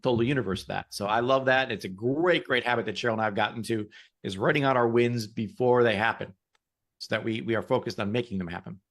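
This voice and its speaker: A man co-hosting a motivational podcast, talking in an upbeat, encouraging way and often repeating words. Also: mid-range voice. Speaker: podcast co-host. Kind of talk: casual motivational chat.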